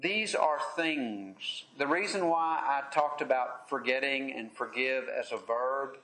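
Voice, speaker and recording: A man preaching a sermon in an earnest, measured way, pausing often as he leads a Bible study. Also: medium pitch, sharp tone, echoey room.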